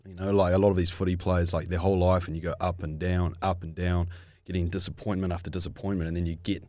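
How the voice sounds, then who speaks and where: A man's voice: low-pitched, little pitch movement, quick pace, dark tone, no room sound. A man co-hosting a podcast, musing through long, casual questions. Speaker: podcast co-host.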